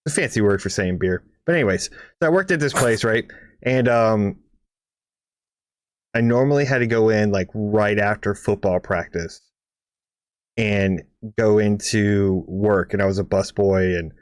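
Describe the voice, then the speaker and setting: A man's voice: on the low side, a little slow, no room sound, studio quality. A man co-hosting a casual podcast, telling a long rambling story, cursing freely, tagging lines with "right?" and acting out engine noises. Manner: rambling, profane, lots of "right?" asides; animated, makes engine noises and sound effects. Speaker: podcast co-host.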